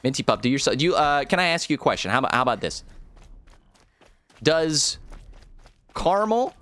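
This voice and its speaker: A streamer from rural America chats casually with viewers while playing a game, joking around, rambling, and talking to chat as live gameplay commentary. His medium-pitched voice is very animated and a bit bright, at normal speed. The recording has a little hiss or hum and faint music behind.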